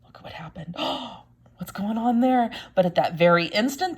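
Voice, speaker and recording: A woman reading a picture book aloud to children, animated, gasping at the turns and stopping to ask them questions. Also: mid-range voice, normal speed, breathy edge. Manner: animated, gasps, asks listeners questions.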